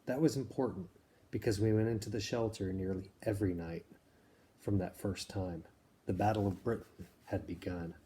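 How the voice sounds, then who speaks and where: A man with a fairly low voice reads a novel aloud, steady and measured, now and then stepping out to explain things plainly. A faint background noise sits under his voice. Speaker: reader.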